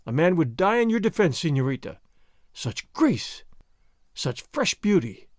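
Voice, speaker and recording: A man doing a gallant masked highwayman. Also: very animated, measured pace, no room sound, clean studio sound. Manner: flowery, gallant, theatrical. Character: dashing masked male highwayman, gallant and bold. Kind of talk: audiobook character voice.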